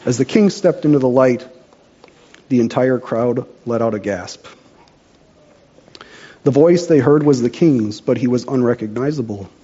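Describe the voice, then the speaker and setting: Man, storybook narration, mellow warm tone, dull lo-fi recording. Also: mid-range voice, unhurried, long pauses, husky.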